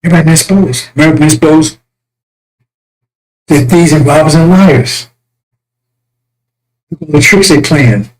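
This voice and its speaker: Male preacher, high pitch, fiery and crude, mocking tone, rambling prophetic rant. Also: moderate pace, pauses often, rough recording. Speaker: self-styled religious messenger. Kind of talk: impassioned religious rant.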